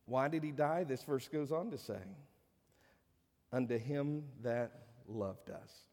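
A man preaching a sermon from the pulpit, his mid-pitched voice swelling on key phrases and then falling quiet. The sound rings with the long reverb of a large church sanctuary. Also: slow pace. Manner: preaching with swelling emphasis and hushed drops. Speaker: pastor.

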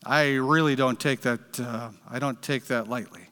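A man's voice: mid-range voice, steady tone, moderate pace, fairly bright tone, clean tone, big-room sound. A man preaching a sermon, telling a story in an earnest, direct way. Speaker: pastor.

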